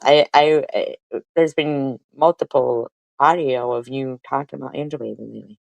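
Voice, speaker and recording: A woman's voice: low-pitched, fairly even intonation, normal speed, gravelly, dry recording, rough recording. A middle-aged woman streamer, profane and mocking, talking back at a clip she is playing. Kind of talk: heated commentary over played clips.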